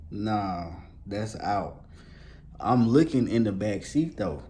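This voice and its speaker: A man tells a casual storytime in a low, mellow voice. He talks loosely in street slang and swears often, leaning on fillers as he goes. Faint noise sits under the recording. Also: expressive, slow. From Columbus, Georgia, US.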